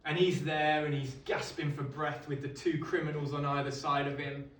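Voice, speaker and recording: A man's voice: on the high side, level tone, normal speed, fairly bright tone, a little hiss or hum, lightly acted. A man playing a middle-aged Roman centurion, telling his story in a wry, conversational monologue to a live audience. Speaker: costumed actor at an exhibition. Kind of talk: first-person dramatic monologue to a live audience. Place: indoor exhibition hall. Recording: echoey hall, mic at a distance.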